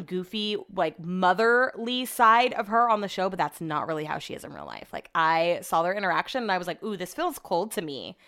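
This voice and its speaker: A young woman talks in a loose, chatty rant. Her pitch leaps up and drops low as she gets worked up. She swears freely and tells stories at a quick clip. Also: clean tone. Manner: animated, ranting, swears freely. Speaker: podcast host. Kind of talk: casual chat.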